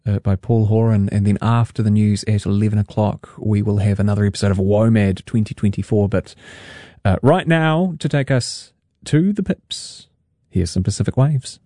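A man's voice: on the low side, moderate pace, mellow, no room sound, clean studio sound. A man hosting a radio interview, enthusiastic and effusive with his praise. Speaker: radio host.

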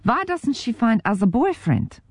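A woman voicing a cheerful older man with a German accent who asks things softly and sweetly. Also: extremely high pitch, very animated, unhurried, dry recording, clean studio sound, voice pushed up, full character voice. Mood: puzzled.

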